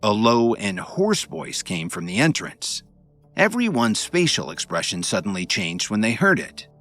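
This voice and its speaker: A man narrates an audiobook in a lowish voice with very lively, expressive intonation. He tells the story with dramatic flair while faint music plays underneath. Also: a little slow. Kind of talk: audiobook narration of a web novel.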